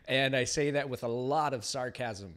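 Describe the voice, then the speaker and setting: A man's voice: medium pitch, fairly bright tone. Laid-back slangy male podcast co-host. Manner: laid-back, slangy, many 'uh's, laughs at own slips. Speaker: podcast co-host, beard stylist. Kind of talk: live-stream podcast chat.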